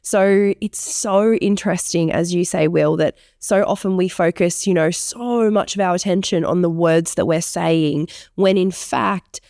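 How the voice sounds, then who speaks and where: A woman's voice: fairly low pitch, measured pace, few pauses, a little mellow, dry recording, studio quality. A woman co-hosting an educators' podcast, leading the discussion and prompting her co-hosts in casual chat. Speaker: podcast co-host.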